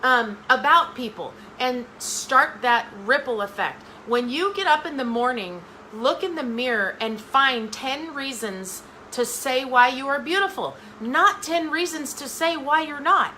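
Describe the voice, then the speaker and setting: A woman's voice: high-pitched, animated, moderate pace, sharp tone, a little hiss or hum, rough recording. A middle-aged woman giving a motivational talk straight to her viewers, emphatic and repeating phrases for effect. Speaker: motivational speaker.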